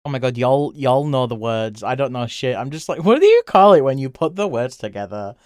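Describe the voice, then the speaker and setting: A British man chatting casually on a live stream, answering chat and rambling freely. He laughs often, and his voice jumps up when he gets excited. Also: medium pitch, fairly quick, dry recording, clean studio sound. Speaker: livestreamer.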